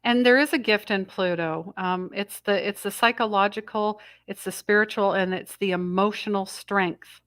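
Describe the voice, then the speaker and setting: A woman's voice: medium pitch, steady tone, normal speed, hardly any pauses, fairly bright tone, no echo, studio quality. A middle-aged woman hosting a live spiritual energy update, rambling and breaking off mid-sentence as she passes on messages she says she hears. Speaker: intuitive astrology host.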